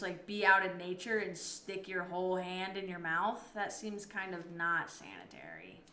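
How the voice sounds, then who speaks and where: A woman's voice: mid-range voice, pushed and bright, reverberant. A woman streamer chatting casually with her viewers and answering their messages. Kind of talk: casual live-stream chat.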